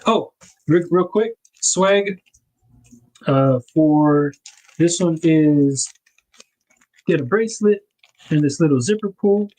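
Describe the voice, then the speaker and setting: Man, fairly high voice, livestream host, casual chat, rambling, self-correcting, chuckling. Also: takes it slowly, pauses often, darkish tone, low-quality recording. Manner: narrates while packing items.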